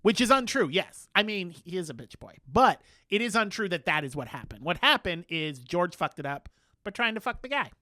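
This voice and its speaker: A man co-hosting a podcast, recapping a TV episode in casual chat, animated and full of playful quoted voices. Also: high voice, fairly quick, dry recording, studio quality. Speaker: podcast co-host.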